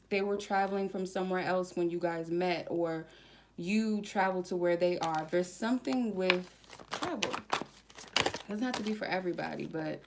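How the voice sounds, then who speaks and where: A woman giving a casual tarot reading to her viewers, chatty and slangy, slowly reading out card keywords one by one. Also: medium pitch, noisy background. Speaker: tarot reader.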